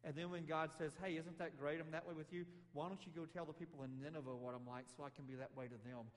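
A man preaching a sermon in a conversational, animated way, acting out quotes with rising emphasis. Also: on the high side, fast. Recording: long hall reverb.

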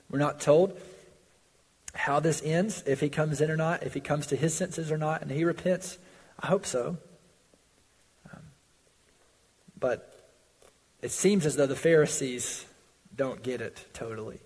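A man preaching a sermon in earnest, swelling loud on pleas and dropping low on warnings, in a church sanctuary. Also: a little slow, long pauses, breathy edge. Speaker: pastor. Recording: long hall reverb.

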